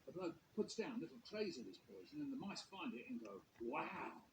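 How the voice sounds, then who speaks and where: A man telling a comic story, playful and animated, with sound effects. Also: a little high, fairly quick, slight background noise. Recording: echoey room.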